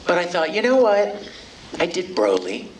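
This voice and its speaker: A man's voice: sits high, moderate pace. A middle-aged man, a voice actor at a convention panel, talking casually and playfully to fans on a handheld mic. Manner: playful, joking, animated storyteller. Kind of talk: casual panel talk to a fan crowd. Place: convention hall stage. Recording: distant audience recording, noisy hall.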